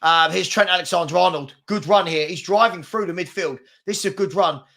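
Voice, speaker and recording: Chatty English man, slightly high voice. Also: fairly quick, creaky, pushed and bright. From England. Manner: chatty, rambling, lots of fillers and restarts. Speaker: live stream co-host. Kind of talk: casual live football commentary.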